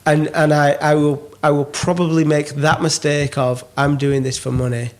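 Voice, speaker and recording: A man's voice: on the high side, level tone, moderate pace. A man reflecting in a casual podcast chat. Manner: reflective, self-questioning. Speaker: musician guest.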